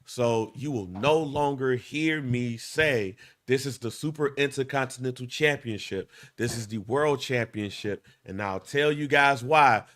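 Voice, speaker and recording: A male podcast co-host who makes his points firmly and with emphasis. His voice is bright and forceful, at an ordinary middle pitch. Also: measured pace, few pauses. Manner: emphatic, declarative. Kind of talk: casual chat.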